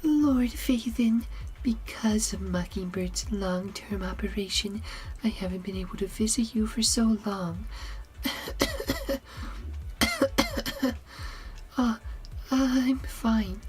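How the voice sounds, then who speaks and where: A man doing a breathy whispered young woman. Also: high voice, unhurried, a little mellow, voice pushed up, rough recording. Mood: breathy, devoted. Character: frail devoted young woman, lovesick and overworked. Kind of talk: whispered role-play.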